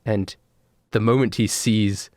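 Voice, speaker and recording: A man narrating a tabletop game as game master, casual and halting. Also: on the low side, steady tone, darkish tone, dry recording, clean studio sound.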